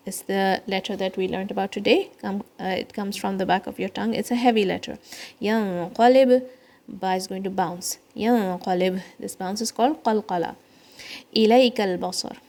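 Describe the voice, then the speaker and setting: A woman's voice: mid-range voice, level tone, creaky, darkish tone. Patient woman teaching kids recitation. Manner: slow and patient, explains each letter step by step; breaks into quicker chanted recitation lines. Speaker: Quran recitation teacher for children. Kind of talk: slow, patient kids' lesson.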